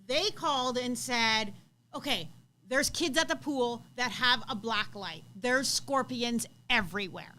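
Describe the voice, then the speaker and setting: A woman's voice: a little high, measured pace, pushed and bright, a little hiss or hum, rough recording. A woman co-hosting a live show, earnestly telling her side of a story and backing up her co-host. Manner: earnest, adds details and backs up the co-host.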